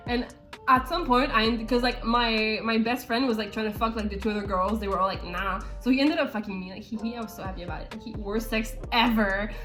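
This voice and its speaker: Young woman, crude laughing storyteller, higher voice, faint music behind. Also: quick pace. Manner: profane, laughing, animated storytelling. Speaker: vlogger. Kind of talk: casual storytelling chat.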